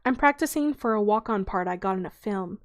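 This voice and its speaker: A woman's voice: mid-range voice, lively intonation, fairly quick, lightly acted. A woman voicing a chirpy teenage orphan girl who is a budding actress, in a storybook reading.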